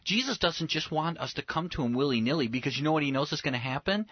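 A man walks through scripture in a lively, emphatic way, with a touch of humor. The sound is dry and close. It has a slightly dull, lo-fi edge. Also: fairly high pitch, fast talker, slightly rough, dry recording. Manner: animated, emphatic, acts out scenes with humor. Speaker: Bible teacher. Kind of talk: conversational Bible teaching.

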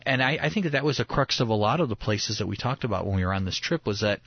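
A man's voice: fairly low pitch, fast, slightly rough, no echo. Guy talking faith casually, earnest, kinda muffled dry sound. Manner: earnest, animated storytelling with restarts.

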